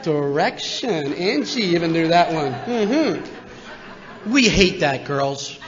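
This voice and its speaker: A man in his sixties from Philadelphia, telling a humorous personal story as a recovery meeting speaker, animated and acting out the voices of people in it. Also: fairly high pitch, takes it slowly. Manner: animated, jokey, acts out voices. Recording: muffled, long hall reverb.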